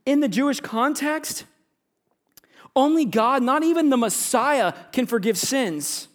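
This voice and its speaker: A man's voice: very high-pitched, measured pace. A pastor preaching a sermon, speaking straight to his congregation and slipping into the voices of the people in his story. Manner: animated, addresses congregation directly, acts out biblical characters.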